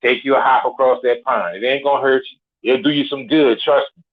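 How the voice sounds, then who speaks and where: A man's voice: medium pitch, fairly even intonation, a little fast. A man of forty, a caller on a live show, ranting bluntly and with swagger, swearing constantly. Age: 40s. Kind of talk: profane rant. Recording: tinny phone line.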